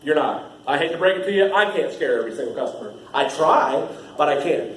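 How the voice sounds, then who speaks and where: A man's voice: a little high, expressive, fast talker. A young man, casually training new staff, rambling, laughing often and using lots of fillers. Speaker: haunt trail actor training new staff. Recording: echoey room with faint ambient noise.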